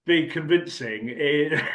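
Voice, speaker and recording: Older actor guest, rambling anecdotes, slightly higher voice, echoey room. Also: male voice, fairly bright tone. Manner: chatty, rambling, laughs often. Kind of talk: anecdotal storytelling.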